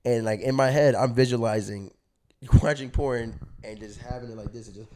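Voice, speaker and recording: A young adult man casually telling a story on his vlog, animated and slangy, laughing at himself and swearing freely. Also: medium pitch, measured pace. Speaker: vlogger.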